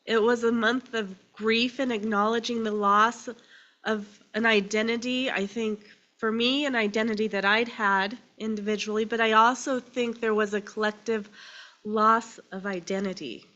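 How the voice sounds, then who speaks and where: A woman minister preaching a sermon. She is crying and speaks in short phrases with pauses. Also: on the high side, fairly even intonation, a bit bright, dull audio. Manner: slow, emotional and tearful, with pauses between phrases.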